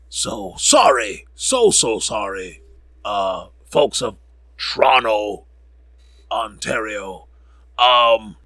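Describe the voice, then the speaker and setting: In a casual sports score recap, a male podcast host with a lowish, sharp-toned voice rambles and jokes, frequently correcting himself. There's no echo in the recording.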